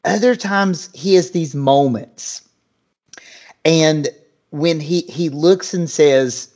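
A man's voice: fairly high pitch, slow, a little mellow. A man co-hosting a podcast, talking thoughtfully in casual chat with many fillers and restarts. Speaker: podcast co-host. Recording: dull lo-fi recording.

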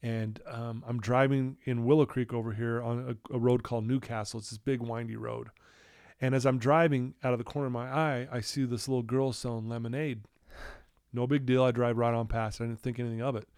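Guy in his office telling his story real candid and emotional, mid pitch, dry mic. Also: flat delivery, brisk, darkish tone, clean tone, no echo. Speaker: addiction recovery counselor, guest. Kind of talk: earnest personal storytelling.

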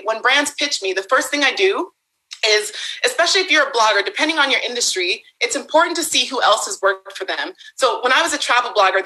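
A young woman giving an animated motivational talk to an audience, laughing often and acting out quotes. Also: a little high, poor audio. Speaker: speaker on a summit panel.

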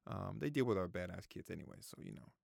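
A vlogger in his thirties shares his opinions straight to camera in a low, slightly mellow voice with vocal fry, lively intonation, and a quick pace. He repeats himself, swears freely, and is close to tears. The recording is dry and studio-clean.

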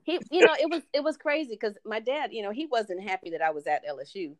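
A woman's voice: fairly high pitch, animated, fast talker. A middle-aged woman, a podcast guest, telling stories in a casual chat and acting out the lines of people she quotes. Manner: storytelling, acts out quoted dialogue.

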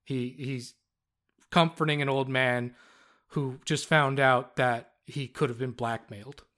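A man with a Newfoundland accent narrating a tabletop game as game master, in a relaxed way with many fillers. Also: medium pitch, a little slow.

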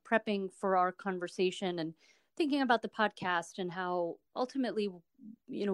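A woman hosts a podcast interview, speaking earnestly, emotionally and chattily, close to tears. Her voice is medium-pitched with a clean tone, and the recording is dry.

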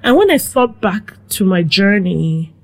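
A middle-aged woman from Nigeria, a guest telling her life story in a relaxed, reflective way. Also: medium pitch, unhurried. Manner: reflective, animated with quoted asides. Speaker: guest, food blogger. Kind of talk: conversational storytelling.

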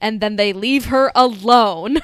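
A woman's voice: on the high side, unhurried, fairly bright tone, clear, resonant tone, no echo. Sardonic woman recapping a horror film. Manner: sardonic, profane, acts out characters' lines. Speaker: podcast co-host. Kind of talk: casual film recap chat.

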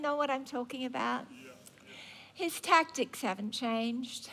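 A woman's voice: high voice, takes it slowly, vocal fry, fairly bright tone. A woman preacher telling a Bible story in a sermon, conversational and wry.

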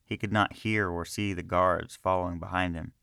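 Deep-voiced man reading slowly. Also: fairly even intonation, gravelly, pushed and bright, dry recording, studio quality. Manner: slow, measured reading. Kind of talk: scripted narration of a fantasy story.

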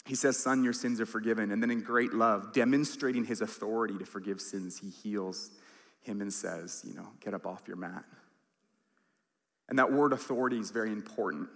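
A man's voice: fairly low pitch, fairly bright tone, long reverb tail. A man preaching a sermon as pastor, earnest and emphatic, acting out quoted lines.

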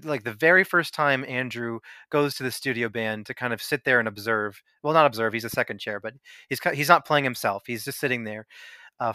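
A man hosting a casual podcast discussion, retelling scenes with animated delivery and frequent laughs. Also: medium pitch, dry recording, clean studio sound. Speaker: podcast host.

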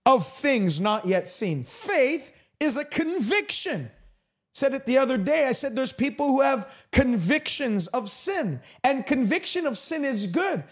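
Male broadcast preacher, very high, lively pitch, emphatic and repetitive. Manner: emphatic, repetitive preaching cadence with stretched-out phrases. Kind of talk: broadcast sermon.

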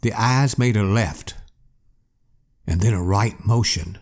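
A man hosting a podcast, telling a scary campfire story in a slow, expressive way. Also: on the low side. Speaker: podcast host. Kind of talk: storytelling narration.

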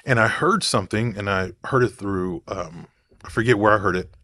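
A man's voice: on the low side, normal speed, pushed and bright, no room sound. A man talking casually to camera in a rambling, digressive way, thinking aloud as he goes. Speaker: vlogger.

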